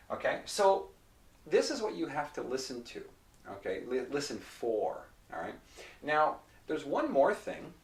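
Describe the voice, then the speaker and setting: Male ESL teacher, slow, patient delivery, heard at a distance in a roomy space. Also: medium pitch, big pitch swings. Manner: explains patiently, repeats example phrases slowly. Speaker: English pronunciation teacher. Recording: roomy echo, mic at a distance.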